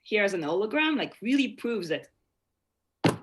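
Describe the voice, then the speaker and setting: A woman's voice: mid-range voice, big pitch swings, normal speed, fairly bright tone, slight background noise. A woman taking part in a casual review chat, searching for her words as she talks. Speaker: panelist.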